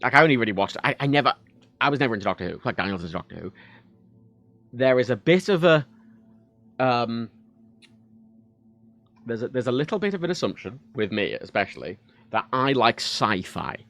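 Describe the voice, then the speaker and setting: Lively, rambling man streaming. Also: medium pitch, brisk, long pauses. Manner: rambling, sweary, self-interrupting. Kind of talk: casual livestream chat.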